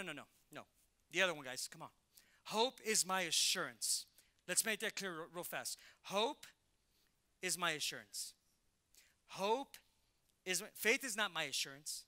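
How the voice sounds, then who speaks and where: A middle-aged male pastor preaching a sermon in an animated way, acting out Bible characters in casual slang. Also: high-pitched.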